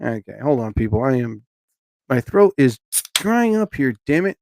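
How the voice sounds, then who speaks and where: A man's voice: medium pitch, very animated, moderate pace, vocal fry, a little mellow, slight background noise. A man hosting a casual live stream, rambling and talking to chat viewers by name.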